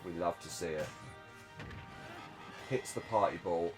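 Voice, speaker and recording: A man giving casual, chatty commentary on a computer-run fighting game tournament, excitable with joking self-mocking asides. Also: deep voice, unhurried, over music.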